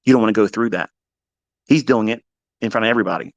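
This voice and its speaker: A man plays a trading mentor in an off-the-cuff motivational talk, speaking bluntly and swearing as he sinks into quiet mutters and then bursts out loud and forceful. He talks fast, and the audio is dull with no room sound.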